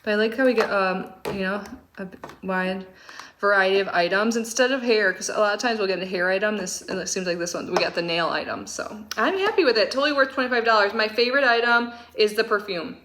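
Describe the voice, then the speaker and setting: A woman in her thirties chatting through a casual unboxing, gushing and excitable with lots of fillers. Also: medium pitch, quick pace. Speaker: subscription box reviewer.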